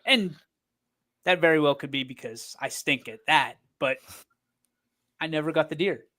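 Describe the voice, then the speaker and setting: A man's voice: fairly high pitch, moderate pace, sharp tone. A man co-hosting a sports show, bantering casually, rambling and teasing his partner. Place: streaming studio.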